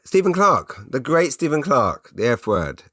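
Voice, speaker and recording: A man's voice: medium pitch, sing-song, a little slow, bright, forceful tone, no room sound, clean studio sound. A man hosting a casual podcast, chatting in stop-start bursts while he reads out listener comments and answers their questions. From England. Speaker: podcast host.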